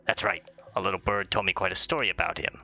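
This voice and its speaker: A man's voice: deep voice, steady tone, quick pace, creaky, sharp tone, soft background music, pitched below the performer's own voice, exaggerated voice. A man voicing a squawking bird merchant. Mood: storytelling. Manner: storytelling, squawking. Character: chatty bird-like desert equipment merchant. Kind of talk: let's play voice acting.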